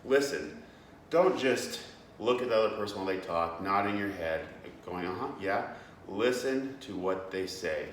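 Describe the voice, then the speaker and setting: A man's voice: on the low side, expressive, normal speed, distant mic. A young man giving a casual devotional talk as host, earnest and plain-spoken, with many fillers and restarts. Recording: echoey room, away from the mic, faint background noise.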